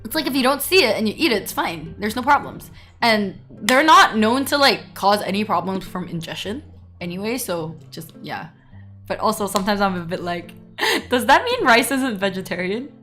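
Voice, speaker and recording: A woman streamer chatting casually and telling animated stories, laughing often. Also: medium pitch, normal speed, soft background music. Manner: giggly, animated storytelling with frequent laughs. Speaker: VTuber streamer. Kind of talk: casual livestream chat.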